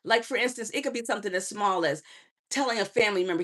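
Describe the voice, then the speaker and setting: A middle-aged woman, a transformational coach, giving a lively motivational live stream, preaching and calling viewers honey and baby. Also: on the high side, fast talker. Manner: preachy, warm endearments to viewers; chatty, laughs often.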